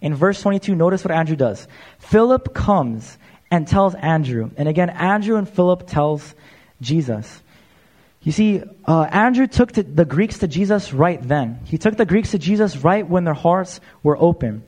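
A man's voice: on the high side, animated, normal speed, darkish tone. A man preaching a sermon in a casual, conversational way, often saying "uh" and calling his listeners "you guys". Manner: conversational, frequent "uh" fillers, addresses crowd as "you guys". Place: church.

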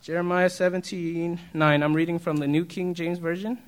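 Man, pastor, casual sermon, talks with the congregation, chuckles, slightly high voice. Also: steady tone, normal speed. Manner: chatty, asks the congregation questions, chuckles often.

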